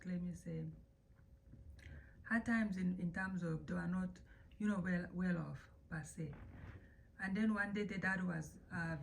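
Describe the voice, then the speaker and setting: A woman telling a family story in casual storytime style, chatty and animated, acting out the quotes and dropping to whispers. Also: lowish voice, gravelly, slight background noise. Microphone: phone. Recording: echoey room, distant from mic.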